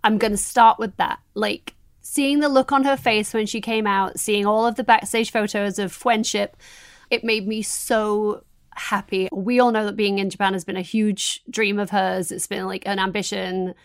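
A woman's voice: medium pitch, moderate pace, dry recording. Chatty woman podcast co-host. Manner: chatty, animated, laughs easily. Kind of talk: casual wrestling chat.

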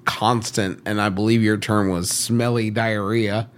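A man's voice: fairly low pitch, level tone, unhurried. Wisecracking man co-hosting a podcast. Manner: wisecracking, dry quips. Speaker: podcast co-host. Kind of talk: casual chat.

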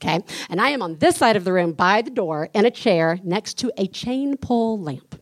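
A woman co-hosting a live podcast on stage, telling a childhood story with lively acted-out screams and chants. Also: medium pitch, normal speed. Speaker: podcast co-host. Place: live stage before an audience.

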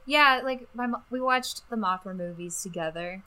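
A woman co-hosting a podcast in relaxed, chatty conversation. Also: on the high side, normal speed. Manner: relaxed, chatty, laughs easily. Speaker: podcast co-host. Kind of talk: casual chat.

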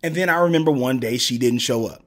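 A man, a podcast guest telling a long story. His voice sits at an ordinary mid pitch, and he jumps into other people's voices as he goes. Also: fast. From US South, Gulf Coast. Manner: animated storyteller, acts out quotes. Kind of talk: casual storytelling interview.

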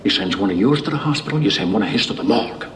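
An actor playing a gruff veteran cop with an attempted Irish accent, in a film clip. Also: male voice, on the low side, animated, rapid-fire, a bit bright, in a large hall, slight background noise.

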